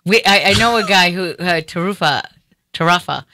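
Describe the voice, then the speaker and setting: A woman's voice: on the low side, normal speed, pushed and bright, slight background noise. A woman hosting a talk show, chatting casually with a guest in a rambling way with many fillers. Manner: chatty, rambling, lots of "you know". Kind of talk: casual interview chat.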